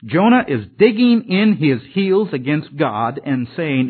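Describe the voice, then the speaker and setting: A man's voice: on the high side, very animated, a little slow, hardly any pauses, slightly rough. A man preaching a sermon in an earnest, emphatic way, his voice swelling and dropping. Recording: tinny phone-like sermon recording.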